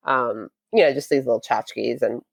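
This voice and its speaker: A woman with a notably low voice, recorded close and dry, tells a casual interview story. She is a lively storyteller who acts out the lines of the people in it. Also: moderate pace, gravelly, slightly rough, no echo, muffled recording. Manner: lively storyteller acting out quotes. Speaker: podcast guest.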